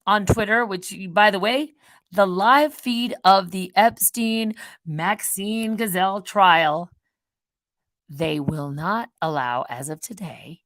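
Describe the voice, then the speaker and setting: A woman hosting her own channel, rambling in a casual monologue that swings between loud outbursts and quiet muttered asides. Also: medium pitch, no echo, studio quality. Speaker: channel host.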